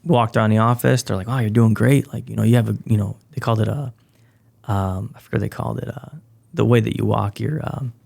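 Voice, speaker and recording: A man with a low, gravelly voice tells a personal story in a relaxed, conversational way. He is a podcast guest and keeps slipping into the voices of the people he quotes, which keeps the telling lively. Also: fast. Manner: animated, acts out quoted people. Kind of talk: casual storytelling.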